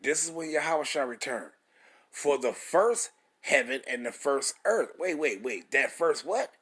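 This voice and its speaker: A man preaches scripture with a husky, fairly high voice. He hammers his points with repeated rhetorical questions and blunt swearing, in an emphatic street-style sermon. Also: lively intonation, measured pace, a bit bright.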